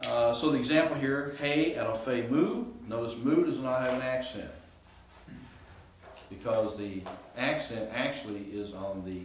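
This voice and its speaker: A man's voice: mid-range voice, a little slow, slight background noise. A man teaching a Greek grammar class, explaining rules and asking his students questions, with frequent fillers. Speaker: Greek instructor. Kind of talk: classroom lecture. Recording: echoey classroom, distant mic.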